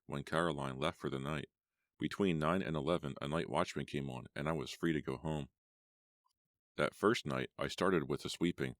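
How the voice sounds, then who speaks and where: A man narrating a first-person horror audiobook in a measured storytelling manner. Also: extremely low pitch, no room sound, studio quality.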